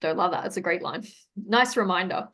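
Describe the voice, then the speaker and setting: A woman guest in casual conversation, telling animated stories, acting out quoted voices and laughing often. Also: on the low side, a little fast. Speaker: podcast guest. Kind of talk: casual chat.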